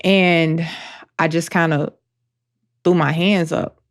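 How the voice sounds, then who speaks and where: A woman co-hosting a podcast, speaking openly and emotionally in a slow, halting way. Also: sits low, fairly even intonation. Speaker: podcast co-host. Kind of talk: candid personal talk.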